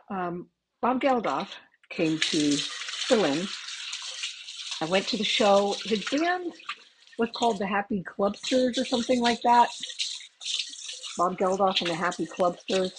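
A middle-aged woman with a lowish voice telling stories in a chatty, swearing way on a podcast, with laughing asides. She talks into a headset microphone, and a faint hiss sits behind her. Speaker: podcast host. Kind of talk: casual storytelling.

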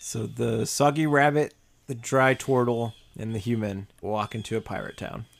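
A man narrating as game master of a tabletop game, describing scenes with many pauses and fillers. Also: medium pitch, steady tone, gravelly. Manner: rambling descriptions with many ums and likes.

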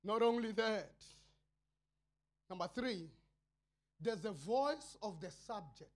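South African male pastor, slow fiery sermon, cries out then drops to murmurs. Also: lively intonation. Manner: impassioned, swinging between shouted cries and low murmurs.

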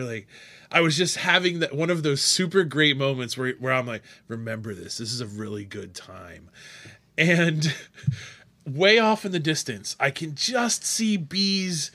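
A man co-hosting a casual chat, telling stories in an animated, excitable way. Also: on the high side. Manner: animated storyteller. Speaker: podcast co-host.

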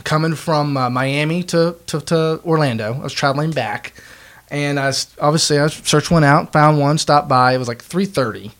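A man's voice: a little high, normal speed, fairly bright tone. A man in his twenties telling a long story in casual podcast chat, joking and laughing often. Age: 20s. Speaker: podcast co-host.

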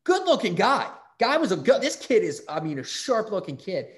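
A podcast host in middle age chats with a guest casually, cursing often and spinning rambling, lively stories. He speaks at an unhurried, moderate pace with a high-pitched voice.

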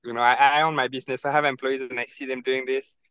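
A young man from France with a French accent, telling stories with animated energy as a podcast guest. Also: mid-range voice, fast talker, clear, resonant tone, no echo, low-quality recording. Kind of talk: casual interview chat.

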